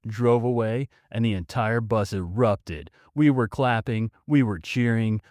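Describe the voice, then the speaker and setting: Sardonic low-voiced male podcast host. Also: a little mellow, dry recording, clean studio sound. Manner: sardonic, mocking, quick asides. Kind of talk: casual podcast commentary, reading a story aloud.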